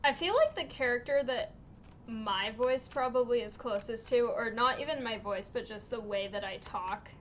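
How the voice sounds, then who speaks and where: A woman livestreaming a game, chatting casually in an unhurried way, with lots of little laughs and ums. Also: a little high, dull audio, slight background noise. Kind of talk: casual chat while streaming a game.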